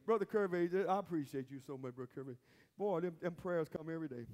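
Recorded in a church sanctuary with long hall reverb, a man preaches as pastor in a fairly high, darkish voice at a fast pace. His sermon is emphatic, full of call-and-response and repeated phrases.

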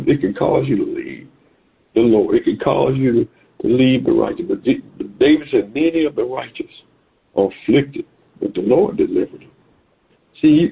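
A man's voice: medium pitch, creaky, husky. A man preaching a sermon to listeners on a conference call, exhorting in a repetitive preaching cadence. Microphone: phone call. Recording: tinny phone line.

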